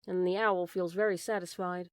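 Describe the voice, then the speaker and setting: A woman narrating a storybook in a calm, measured way. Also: fairly low pitch, no room sound. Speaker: audiobook narrator. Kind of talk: storybook reading.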